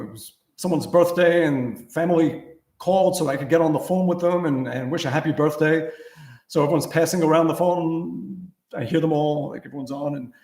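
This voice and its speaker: A man's voice: a little high, reverberant. A middle-aged man hosting a guitar livestream, telling loose, profane anecdotes with chuckles in a casual chatting style. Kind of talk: casual livestream chat and storytelling.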